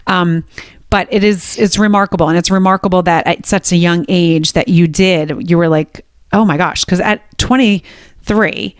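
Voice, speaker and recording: A middle-aged woman hosts a podcast interview in a lowish voice. She rambles with many restarts and speaks with feeling. The sound is dry and close, with no room in it. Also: steady tone, moderate pace, no echo. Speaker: podcast host. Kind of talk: conversational interview.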